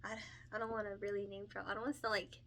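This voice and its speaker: Talking very fast in a level, a bit bright mid-range voice, a young woman colors and chats casually about her work as a picture book illustrator. Earnest and emotional, she encourages, laughs often, and leans on fillers and self-corrections.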